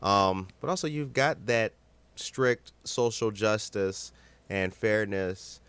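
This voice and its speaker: Low-voiced relaxed male podcast host. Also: takes it slowly, clear, resonant tone, no room sound. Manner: relaxed, conversational, loose slang. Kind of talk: casual interview chat.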